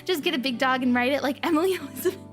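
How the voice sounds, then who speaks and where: On her stream, a high-pitched woman talks rapid-fire in a bubbly, playful, rambling way, her chat hopping lightly and cheerfully from one thing to another. Low background music sits faintly under her voice.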